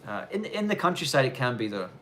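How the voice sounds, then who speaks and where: A man's voice: medium pitch, very animated, fast talker, a bit bright, a little hiss or hum. A man hosting a live question-and-answer stream, chatting loosely with lots of fillers and restarts. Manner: loose, rambling, many fillers. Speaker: livestream host. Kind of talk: casual live Q&A chat. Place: snowy countryside in Japan.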